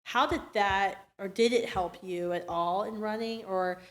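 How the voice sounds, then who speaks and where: A woman's voice: medium pitch, measured pace. Chatty middle-aged woman hosting an interview. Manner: chatty, rambling with many fillers and restarts. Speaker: interview host. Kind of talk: casual conversational interview.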